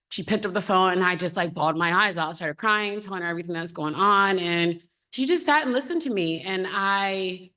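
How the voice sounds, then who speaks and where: A woman's voice: mid-range voice, bright, forceful tone. A woman in her thirties speaking on a panel in an open, heartfelt, conversational way. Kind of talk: candid panel talk. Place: symposium panel.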